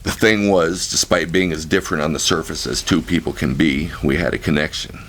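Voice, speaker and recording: A man's voice: a bass voice, fairly even intonation, fairly quick, fairly bright tone. A man narrating his own memoir as an audiobook, frank, vivid and profane. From United States. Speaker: author-narrator.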